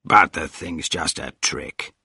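A man voicing a brash newspaper editor, speaking louder and more insistently than the narration. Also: a bass voice, takes it slowly, creaky, slightly rough, dry recording, studio quality, exaggerated voice. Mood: pressing. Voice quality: loud and insistent.

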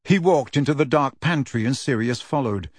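A man reading an audiobook in a measured, even storytelling manner. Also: mid-range voice, no echo. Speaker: audiobook narrator. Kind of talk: scripted narration.

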